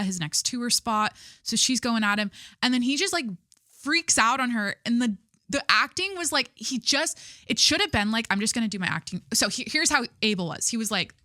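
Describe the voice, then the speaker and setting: A woman's voice: a little high, animated, normal speed, bright, forceful tone, no room sound, clean studio sound. A young woman hosting a podcast in casual chat, rambling with lots of "like" and swearing, laughing at herself. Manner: rambling, heavy use of "like", swearing, self-mocking. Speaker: podcast host.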